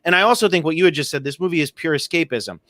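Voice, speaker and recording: A man's voice: a little high, very fast, fairly bright tone, no echo, clean studio sound. A man co-hosting a podcast, giving his opinions on films in a casual, ranting way. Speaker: podcast co-host. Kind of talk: casual film discussion.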